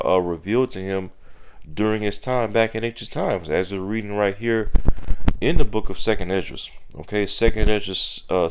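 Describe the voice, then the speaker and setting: A very low-pitched man delivers a sermon, reading scripture passages aloud. He punctuates nearly every phrase with "okay", "all right" and "you know", pressing each point home. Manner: emphatic, with frequent "okay" and "you know" fillers. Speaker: preacher.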